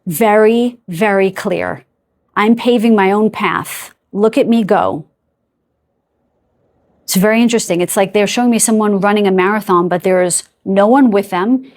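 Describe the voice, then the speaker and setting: A woman in the middle of a tarot reading, speaking at an ordinary middle pitch for her sex. She talks in a loose, chatty flow, gropes openly for the right word, and breaks off to ask her spirit guides questions. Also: a little fast, few pauses. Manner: chatty, gropes for words aloud. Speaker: tarot card reader. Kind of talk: intuitive tarot reading to camera.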